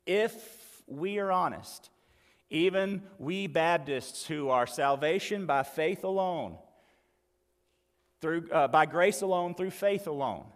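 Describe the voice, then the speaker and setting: A male pastor preaches in an easy, conversational way, pressing his points with emphasis and dropping in folksy asides. His voice sits a bit high for a man. The sound carries a long reverb, as if picked up in a large hall. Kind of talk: sermon.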